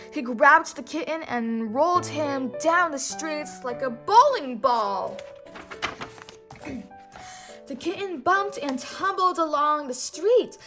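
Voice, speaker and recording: A woman teacher reading a storybook aloud to children, slow and careful, pausing to correct herself and to ask the listener questions. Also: sits high.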